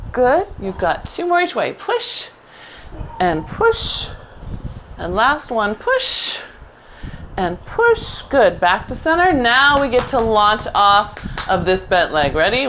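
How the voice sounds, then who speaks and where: A middle-aged woman teaching a Pilates mat class, giving quick encouraging cues and praising often. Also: medium pitch, a bit bright, slight background noise. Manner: encouraging, upbeat cues with frequent "good". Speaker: Pilates instructor. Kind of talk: live online class instruction.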